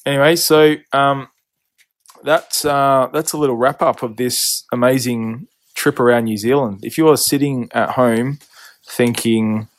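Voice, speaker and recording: A man's voice: medium pitch, measured pace. A man hosting a podcast, tired at the end of a long day and recapping a bike trip from a backcountry hut in a rambling, jokey way. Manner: rambling, jokey, laughs often. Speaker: podcast host. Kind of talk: casual trip recap chat.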